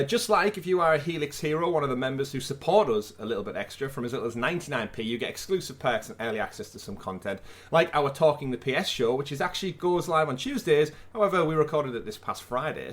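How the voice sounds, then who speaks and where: A man hosts a casual gaming podcast with a lively, swooping voice. He builds up news items with theatrical flair. His voice sits in a middle register. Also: medium pitch, fast, few pauses. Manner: animated, theatrical build-ups. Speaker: podcast host. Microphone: remote call mic.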